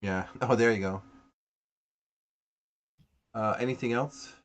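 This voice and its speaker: A man narrating as game master in a relaxed, descriptive way. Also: fairly low pitch, slow pace.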